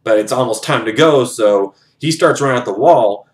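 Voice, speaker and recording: A man's voice: medium pitch, normal speed. A man casually retelling a novel's plot in his own words, loose and filler-heavy with some swearing. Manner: loose, profane, many fillers. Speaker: book reviewer.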